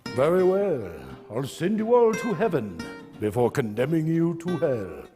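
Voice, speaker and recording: A man's voice: fairly high pitch, very animated, a little slow. A man doing a string of goofy celebrity impressions in a comedy audition sketch. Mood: mock-serious. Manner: showy, switches voices, goofy. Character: impressionist cycling through celebrity voices. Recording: long reverb with loud music behind.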